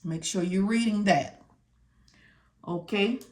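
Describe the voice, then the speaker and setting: With a slow, mid-range voice, a woman instructor guides students through medical coding notes step by step. Her casual teaching is full of check-ins like "okay?" and "all right?"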